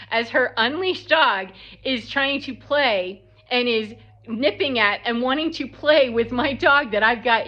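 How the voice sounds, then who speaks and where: Bright-voiced woman telling a blunt story. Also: a little high. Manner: animated, blunt, acts out the quotes. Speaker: spiritual vlogger. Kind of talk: casual storytelling monologue. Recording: slightly dull lo-fi sound.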